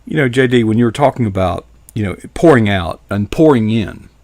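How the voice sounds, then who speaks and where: A man hosting an interview, relaxed and affirming, often murmuring agreement. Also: fairly low pitch, brisk, no echo. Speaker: host. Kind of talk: casual interview chat.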